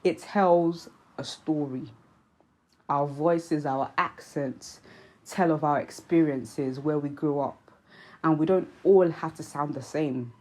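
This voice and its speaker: A young woman vlog host with a Nigerian accent touched by British speech, talking to camera in an earnest, reflective way with many pauses and ums. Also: low voice, a little mellow, low-quality recording. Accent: Nigerian with British influence. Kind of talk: casual commentary to camera.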